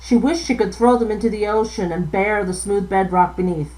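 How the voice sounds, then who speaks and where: A woman's voice: medium pitch, a little fast, a little mellow, rough recording. A woman author reading a passage from her own novel aloud, now and then stumbling over words and correcting herself.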